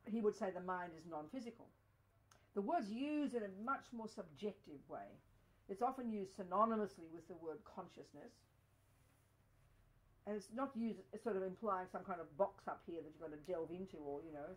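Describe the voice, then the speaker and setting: A woman's voice: medium pitch, lively intonation, moderate pace, poor audio. A woman giving a Buddhist teaching to a study group, talking emphatically with many "you know"s. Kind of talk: dharma teaching talk.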